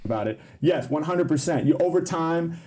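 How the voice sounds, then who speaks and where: A man's voice: fairly high pitch, lively intonation, moderate pace, mellow. A man being interviewed as a freestyle rapper, explaining his craft in a reflective, thinking-aloud way. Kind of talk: interview conversation.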